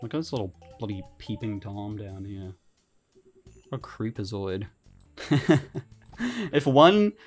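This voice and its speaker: Excitable man doing gameplay commentary. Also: mid-range voice. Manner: excitable, swears casually, laughs often. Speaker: gaming commentator. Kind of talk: let's-play commentary.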